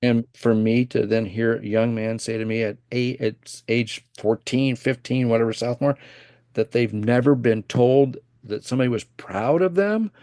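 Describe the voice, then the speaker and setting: A man with a rough, gravelly voice tells stories as a guest on a podcast, acting out the dialogue with lively energy. The sound is dry and close. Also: medium pitch, normal speed, no echo. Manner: animated storyteller who acts out quoted dialogue. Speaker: guest, financial planner and former coach. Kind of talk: casual storytelling in a podcast interview.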